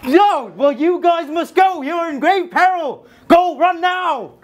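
A man playing a grandiose theme-park founder presenting his dinosaurs in a live comedy sketch. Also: extremely high pitch. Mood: alarmed. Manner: showman presenter, slow and lively.

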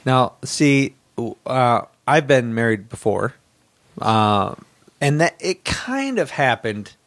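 A man's voice: mid-range voice, very animated, slow pace, a bit bright, dry recording. A man co-hosting a podcast, chatting casually and rambling with hesitations. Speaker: podcast co-host.

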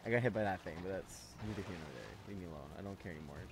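A man's voice: low-pitched, rapid-fire, gravelly, noisy background. A man playing a video game and talking to himself with frustrated, swear-heavy commentary. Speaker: gaming channel host. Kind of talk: let's play commentary.

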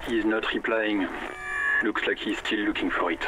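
Man voicing a rattly old switchboard operator in a game, low and by-the-book, game music under him. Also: fairly even intonation, normal speed, noisy background, lightly acted. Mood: dry. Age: older. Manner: formal radio codes, signing off each line. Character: scrawny old male radio switchboard operator.

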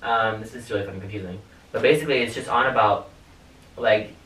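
A man's voice: lowish voice, quick pace, a bit bright. A young man vlogging casually in his bedroom, rambling and swearing with lots of fillers, caught on a hidden camera. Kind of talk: casual vlog talk. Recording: echoey room, far from mic, faint hiss.

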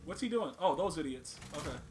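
A man's voice: on the high side, lively intonation, a little fast, noisy background. A man hosting a gaming channel, giving casual gameplay commentary with hyped, slang-heavy banter.

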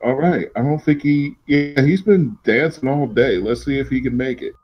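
A man running an online tabletop game as game master, making relaxed, joking rulings. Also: mid-range voice, normal speed, dull audio.

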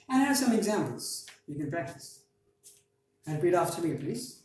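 A woman's voice: low voice, lively intonation, normal speed, pauses often, dark tone. A woman teaching English pronunciation as a trainer, repeating words and asking learners to say them after her. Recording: very echoey room, mic at a distance, faint noise.

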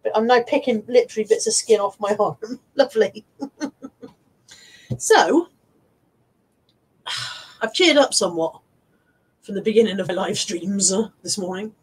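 A woman's voice: medium pitch, unhurried, pauses often, slightly rough. A middle-aged Irish woman live-streaming from a phone or webcam, chatting casually as she reads viewers' comments aloud, laughing often. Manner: chatty, laughs often, breaks into off-key singing. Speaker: live-streaming reseller vlogger.

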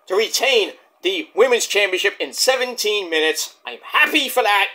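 A man's voice: sits high, animated, normal speed, few pauses, bright, forceful tone. A man reviewing a wrestling show in a heated, profane, rambling rant.

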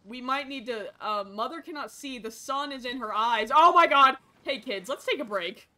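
A woman's voice: a little high, moderate pace. A young woman streaming a game, chattering chaotically as a frazzled parent, muttering then shrieking. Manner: excitable, swings from mutters to sudden shrieks. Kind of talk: chaotic game commentary, role-playing a parent.

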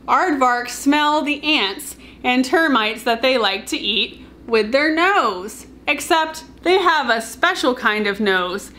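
A woman librarian leading a storytime for young children, talking in a gentle sing-song way and inviting them to join in. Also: a little high, slight background noise.

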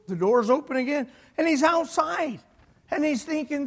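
A male pastor tells a scripture story to his congregation, swinging from booming to hushed. His voice sits unusually high for a man. It rings out in a church sanctuary with a long, trailing reverb. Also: a little fast. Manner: storytelling, animated, swings between loud and hushed. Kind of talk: sermon.

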